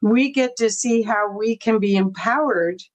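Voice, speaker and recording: A woman hosting an interview, encouraging her guest with halting, restarting phrases. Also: a little high. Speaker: podcast host. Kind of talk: interview conversation.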